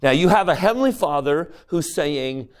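A man teaching a scripture class who keeps asking the class questions, swinging between soft asides and emphatic rises. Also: on the high side, expressive, normal speed. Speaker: religious teacher.

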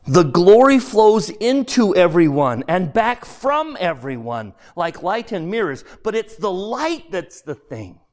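Guy reading as a kind patient spirit, gentle, bit higher than most guys. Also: sing-song, takes it slowly, few pauses, heavily acted. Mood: earnest. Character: kindly laughing male spirit from heaven.

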